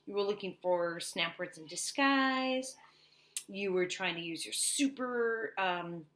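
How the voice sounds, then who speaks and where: A young woman teaching an online reading lesson to young children, animated and sing-song. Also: medium pitch, unhurried. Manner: animated, sing-song, talking to little kids.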